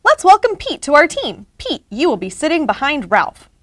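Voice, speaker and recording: A woman's voice: high-pitched, wildly swooping pitch, normal speed, fairly bright tone, distant mic, pitched above the performer's own voice, full character voice. A woman voicing a welcoming male schoolteacher making an announcement to his class, while reading a storybook aloud.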